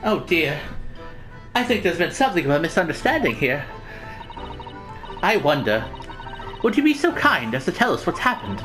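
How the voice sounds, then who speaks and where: A proper, polite young female legal assistant who asks gentle, formal questions, as a woman reads her lines in a game. The voice sits on the low side and moves expressively. Soft game music hums behind her. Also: very animated, normal speed, long pauses. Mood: courteous. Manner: courteous, formal.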